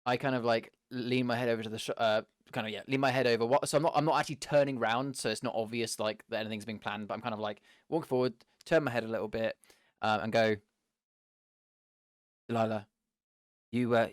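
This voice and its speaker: A man's voice: steady tone, fast talker, dry recording, studio quality. A man playing a tabletop game, hesitantly describing what his character does. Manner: hesitant, full of fillers, lowers his voice. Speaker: player.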